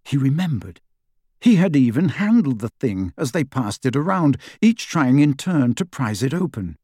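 Male audiobook narrator, measured and expressive, mid-pitched, dry booth sound. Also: no echo. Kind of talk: scripted narration.

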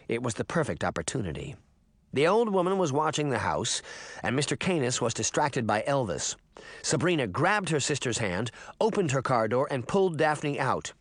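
A man's voice: medium pitch, moderate pace, no room sound, studio quality. A man narrating a children's fantasy novel as an audiobook. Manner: expressive storytelling. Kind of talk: scripted narration.

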